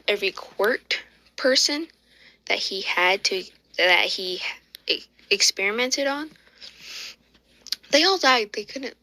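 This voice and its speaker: A woman tells a fan story in a loose, rambling way, full of fillers and self-corrections. Her voice is bright and sharp, pitched in the ordinary middle range. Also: rough recording. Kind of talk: casual fan-story narration.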